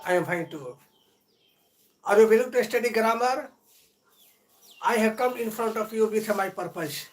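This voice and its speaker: A man teaching a live-streamed grammar lesson, lecturing earnestly and deliberately, drawing out key words between long pauses. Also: high voice, a little hiss or hum, poor audio. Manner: earnest, motivational.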